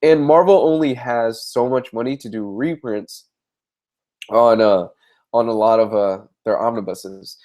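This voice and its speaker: A man's voice: mid-range voice, steady tone, a little slow, a little mellow. A young man with a congested voice, answering viewer questions in a casual live-stream chat about comic books, talking in a rambling way with frequent restarts. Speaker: comic book reviewer.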